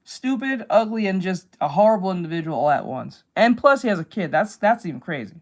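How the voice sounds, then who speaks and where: A woman's voice: mid-range voice, sing-song, fairly quick. A woman streamer chatting casually while she draws, rambling and blunt, swearing freely and laughing often. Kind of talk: casual chat while drawing.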